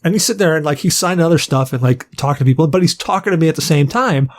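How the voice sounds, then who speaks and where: A man's voice: on the high side, racing. A man co-hosting a podcast who tells a long story in a rambling, swearing way and acts out what people said. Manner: rambling, profane, acts out quotes. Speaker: podcast co-host. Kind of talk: casual storytelling chat.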